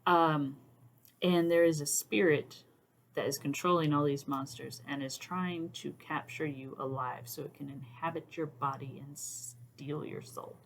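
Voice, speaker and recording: A woman's voice: sits low, fairly even intonation, a little slow, gravelly, a little hiss or hum. A woman hosting a casual talk to camera, thoughtful with many "um"s, sometimes dropping to a near-whisper. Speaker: YouTube host.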